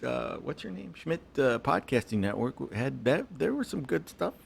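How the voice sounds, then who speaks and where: A man's voice: mid-range voice, sing-song, moderate pace, creaky, slightly rough. A man co-hosting a podcast in casual chat, chiming in with dry wisecracks. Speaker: podcast co-host.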